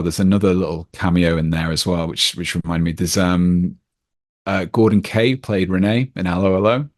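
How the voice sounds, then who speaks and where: Very low-voiced man, rambling. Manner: rambling, many fillers and restarts. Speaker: podcast guest. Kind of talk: casual film discussion.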